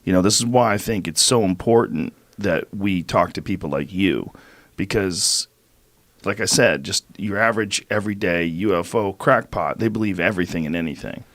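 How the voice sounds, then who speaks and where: Deep-voiced podcast host. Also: male voice, moderate pace, fairly bright tone, no room sound. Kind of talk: casual interview chat. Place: podcast studio.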